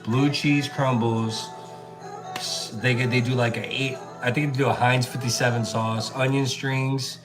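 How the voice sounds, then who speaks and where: A man's voice: medium pitch, steady tone, a little slow, music in the background. A man livestreaming as he cooks, chatting casually and answering viewer comments, calling people bro and dude. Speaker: chef livestreaming while cooking. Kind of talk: casual live-stream chat while cooking.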